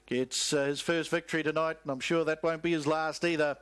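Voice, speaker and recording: A man calls a harness race in rapid-fire commentary, reeling off horse names and positions. His voice sits high and smooth, held to a fairly even line. The recording is close and dry. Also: no room sound. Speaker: race caller.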